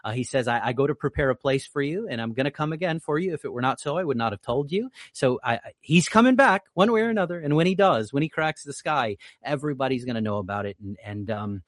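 A man's voice: lively intonation, fast talker, hardly any pauses, dry recording. Man hosting a live stream, earnest preacher-style talk with many restarts, dry close mic. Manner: earnest, repeats words often, rises in pitch when emphatic. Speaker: livestream host. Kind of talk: religious commentary on a live stream.

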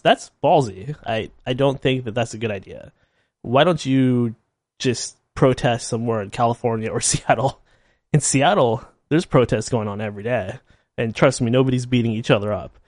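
A man's voice: mid-range voice, a little mellow, no echo, clean studio sound. A man delivering a blunt, sarcastic opinion monologue full of rhetorical questions. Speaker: commentator.

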